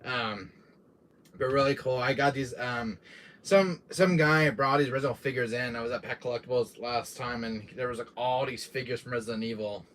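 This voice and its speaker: A man's voice: mid-range voice, normal speed, fairly bright tone, slight background noise. A young man chatting casually on a live stream, rambling with lots of fillers and restarts. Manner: rambling, many fillers and restarts, laughs often.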